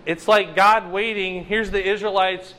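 Man, high voice, bible study leader, conversational, quizzes the group. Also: steady tone, unhurried, pushed and bright. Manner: chatty, asks the group questions.

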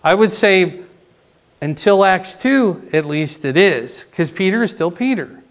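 A male pastor teaching a sermon in a conversational way, often checking in with "right?" and "okay?", his voice climbing higher and louder to stress a point. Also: lively intonation, measured pace. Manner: rises in pitch and volume for emphasis.

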